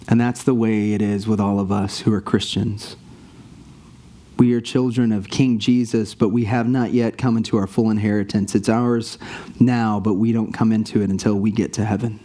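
A man preaching a sermon to his church, earnest and rising in pitch on the points he stresses. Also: fairly even intonation, normal speed, mellow. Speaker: pastor.

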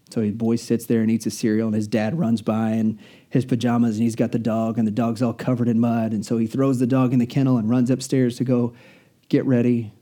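A male preacher delivering a sermon in an earnest, storytelling style. His voice is very dark and mellow, and he drags out important phrases for weight. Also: medium pitch. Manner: earnest, storytelling, slows down for emphasis.

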